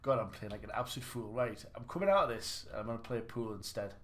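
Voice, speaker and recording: A man's voice: medium pitch, expressive, quick pace, noisy background. A man livestreaming a snooker game, chatting casually and mocking his own play with rambling restarts. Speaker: gaming livestreamer. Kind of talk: casual live commentary while playing.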